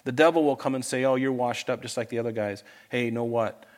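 A man's voice: mid-range voice, fairly even intonation, fast. Male pastor preaching in church, earnest, mid-range voice, dynamic delivery. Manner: earnest, swings between loud urging and soft asides. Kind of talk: sermon. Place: church with congregation.

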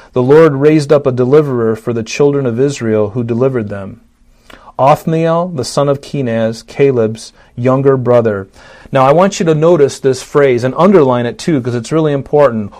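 A man delivering a sermon in a mid-range voice. He lifts his voice and pushes louder through the scripture passages, then sinks low and quiet when he appeals to the listeners, often doubling back to repeat a word. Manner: rises and swells when reading scripture aloud, drops low and soft for appeals; repeats words and restarts phrases. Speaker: pastor.

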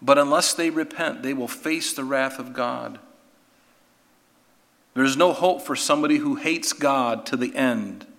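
A man's voice: medium pitch, unhurried, a bit bright. A man preaching a sermon, earnest and emphatic, asking rhetorical questions and restarting his words as he goes. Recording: long reverb of a hall.

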